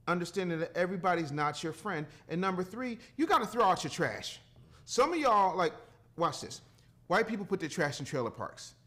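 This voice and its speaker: A man's voice: a little high, a bit bright. A man in his fifties, a guest on a podcast, talking casually in an emphatic, preachy way, swearing freely and acting out quotes.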